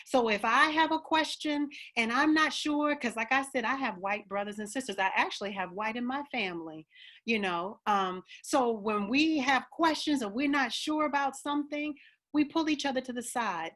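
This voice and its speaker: A woman's voice: a little high, fairly bright tone. Earnest woman with a country twang. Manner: earnest, emphatic, direct. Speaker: opera singer and panel guest. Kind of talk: heartfelt personal statement.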